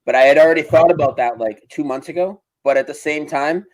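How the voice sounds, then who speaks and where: A man with a Boston accent, a guest and radio host, chatting casually on a podcast, loud and excitable and swearing freely. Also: a little high, fast talker, highs cut off.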